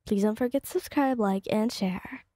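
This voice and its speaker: A woman's voice: mid-range voice, moderate pace, warm tone, no room sound, studio quality. A woman casually narrating a second-person fan story in a loose, rambling way.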